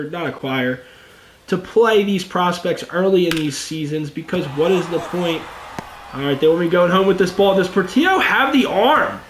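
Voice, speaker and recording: A young man with a slightly high voice gives casual, excitable commentary over his baseball video game. He chats straight to his viewers as "boys", and his voice sounds roomy and echoey, with a faint hum of ambience behind it. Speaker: gaming YouTuber. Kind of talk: let's play commentary.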